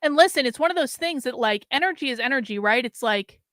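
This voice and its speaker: A middle-aged woman hosts her own show alone, rambling through her thoughts with lots of fillers, exasperated and drained. Her voice sits a little high and sounds bright and forward. It is recorded dry and close. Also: animated, quick pace, no echo. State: drained and low on energy. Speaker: host. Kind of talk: casual solo commentary.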